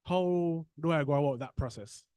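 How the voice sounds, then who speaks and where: A man's voice: on the high side, normal speed, warm tone, clean tone, no echo. A man calling in to a show, asking questions politely and with some hesitation. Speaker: caller. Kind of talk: phone-in questions.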